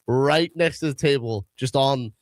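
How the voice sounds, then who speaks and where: A man's voice: medium pitch, unhurried, no echo. A man co-hosting a sports talk show, telling stories and asking the others pointed questions. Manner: chatty storyteller who asks pointed questions.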